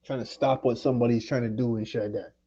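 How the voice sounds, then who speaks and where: A man's voice: medium pitch, steady tone, fast talker, dark tone, husky, lo-fi sound. A man from Jamaica ranting angrily and profanely at someone during his livestream. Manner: angry, profane, confrontational. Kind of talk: heated livestream rant.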